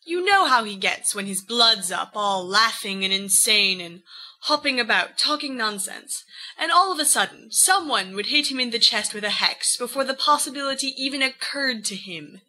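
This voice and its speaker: A woman's voice: fairly high pitch, lively intonation, normal speed, bright, forceful tone, heavily acted, poor audio. A woman voicing a brash, cocky eighteen-year-old young man who tells his story in a boastful, rambling way. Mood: recounting.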